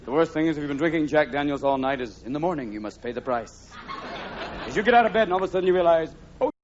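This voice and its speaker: A man's voice: on the high side, expressive, racing, background noise. A man performing live stand-up comedy on a theater stage, jumping manically between silly character voices. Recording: lo-fi live recording with loud laughing crowd.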